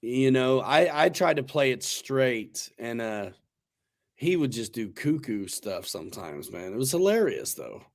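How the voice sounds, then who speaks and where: A man's voice: mid-range voice, big pitch swings, unhurried. A man hosting a casual livestream chat, talking in a laid-back, slangy, rambling way with restarts. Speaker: host.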